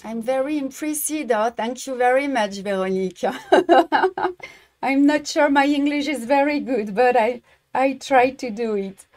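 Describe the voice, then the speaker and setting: Slow, halting French woman teaching embroidery. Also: high voice, darkish tone. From France. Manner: halting, searching for English words. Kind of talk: live-streamed craft tutorial.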